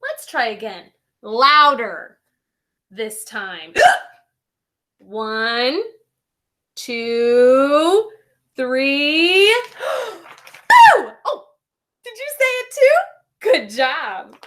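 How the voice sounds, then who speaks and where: A woman's voice: high-pitched, sing-song, drawn-out words, pauses often, fairly bright tone, full character voice. A woman voicing a small, fretful young male penguin who keeps breaking his words with hiccup gasps, reading a children's storybook aloud. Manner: gasping hiccups between words.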